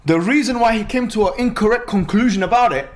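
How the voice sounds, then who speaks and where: A man's voice: high voice, fast talker. A man hosting a heated debate, pressing his points and repeating his demands. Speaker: debate host.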